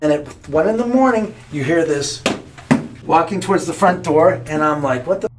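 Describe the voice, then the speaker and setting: A man telling a dramatic story in a lively way, acting out what others said and swearing freely. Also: on the high side, moderate pace, background noise. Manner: acts out quoted people, swears freely. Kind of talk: animated storytelling.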